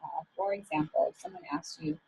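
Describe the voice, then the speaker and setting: A woman's voice: medium pitch, sing-song, fairly quick, creaky, mellow, a little hiss or hum, low-quality recording. A woman working as an image coach, giving a talk on professional communication in a casual, encouraging way with frequent fillers.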